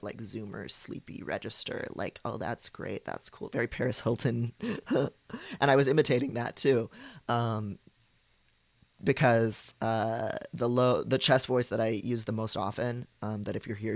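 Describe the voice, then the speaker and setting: A man's voice: medium pitch, gravelly, no room sound. Chatty man, dry close sound. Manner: chatty and explanatory, demonstrating vocal registers, many fillers. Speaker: streamer. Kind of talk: casual live-stream chat.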